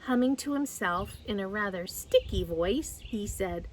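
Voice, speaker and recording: A woman reading a children's story aloud in a gentle, expressive way. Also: medium pitch, measured pace, slight background noise. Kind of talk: children's read-aloud narration.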